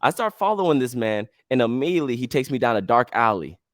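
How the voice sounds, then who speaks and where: Male podcast host, animated storyteller, mid-pitched voice, dry close sound. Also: fast talker, no echo. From United States. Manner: animated, casual slang, acts out dialogue.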